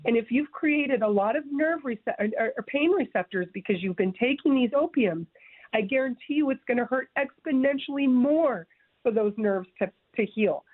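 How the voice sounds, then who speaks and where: A woman's voice: fairly high pitch, expressive, normal speed, no echo. A woman giving an interview about her own experience, speaking earnestly and with emphasis, often restarting her words. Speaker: guest sharing her story. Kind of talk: interview, personal testimony. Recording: dry, phone-like narrow sound.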